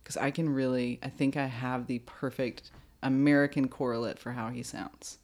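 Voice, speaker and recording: A woman with a notably low voice hosts a loose podcast chat. She giggles, rambles and trails off as she teases her co-host. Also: steady tone, normal speed, a little mellow. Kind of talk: casual chat.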